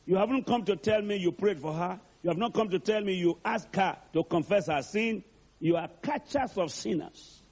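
A man preaching, putting on a calm, tender voice for Jesus that is lower and slower than his own. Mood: gentle. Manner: soft, low and unhurried. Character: gentle, tender male Jesus, calm and kind.

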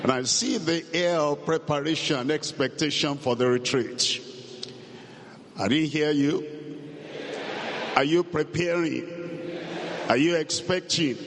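Male pastor, sermon, fairly high voice, unhurried delivery, long church reverb. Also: slight background noise. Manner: slow, emphatic preaching that builds in volume. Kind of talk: sermon with scripture reading. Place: church hall. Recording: long echoing hall reverb.

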